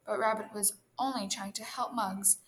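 A woman reading a children's story aloud in a gentle, expressive manner. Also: medium pitch, moderate pace, a little hiss or hum.

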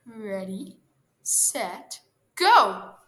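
A woman's voice: medium pitch, a little slow, natural voice. A woman voicing a bossy, eager female rabbit who calls out instructions in a storybook reading.

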